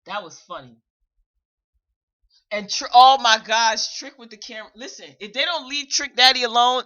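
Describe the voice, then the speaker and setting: A woman's voice: fairly high pitch, normal speed, sharp tone, lo-fi sound. A woman hosting a casual morning show, retelling reality TV scenes animatedly and laughing often. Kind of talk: casual chat.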